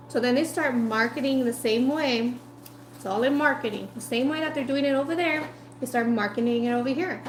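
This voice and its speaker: A woman food vlogger telling a story in a chatty, animated way while eating, full of "like" and asides. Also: a little high, a little fast, reverberant, a little hiss or hum, rough recording.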